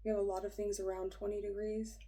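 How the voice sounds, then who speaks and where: A woman's voice: mid-range voice, level tone, quick pace, mellow, rough recording. A young woman reading an astrology chart aloud in a casual, rambling way, hesitant and full of fillers, often dropping to a whisper. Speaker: astrology reader.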